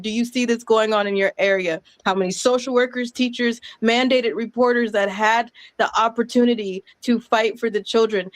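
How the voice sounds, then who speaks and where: A woman's voice: a little high, no room sound. A woman in her thirties giving emphatic, breathless reaction commentary and laughing between thoughts. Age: 30s. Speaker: co-host of a reaction stream.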